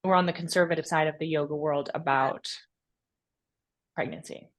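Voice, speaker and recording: A woman's voice: low voice, fairly even intonation, normal speed. A woman hosting an online yoga class, chatting casually while she demonstrates poses and asks her guest questions. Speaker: yoga teacher and class host.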